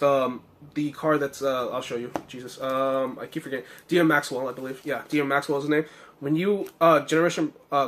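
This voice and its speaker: With a little height to his slightly hoarse voice, a young man chats about his card game deck, peppering it with fillers and frequent self-corrections.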